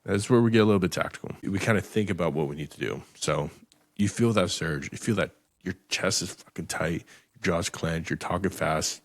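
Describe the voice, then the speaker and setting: Podcast host: man, very low voice, blunt and profane, dry close sound. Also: a little fast, no room sound. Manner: profane, emphatic, repeats words when restarting. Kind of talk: blunt motivational podcast talk.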